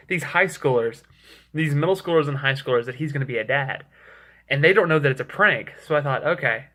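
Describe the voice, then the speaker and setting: A man's voice: a little high, pushed and bright. A young man casually telling a rambling story to his camera, acting out the people he quotes. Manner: rambling, self-correcting, acts out quoted texts. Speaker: vlogger. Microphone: camera mic.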